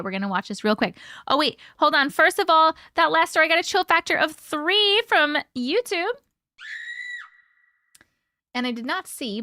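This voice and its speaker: A high-pitched, bright-toned woman chats casually on a live stream, laughing and swearing as she talks to viewers. The sound is dry and close. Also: no room sound. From part Italian heritage, American. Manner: chatty, swearing, giggly. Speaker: host reading viewer stories.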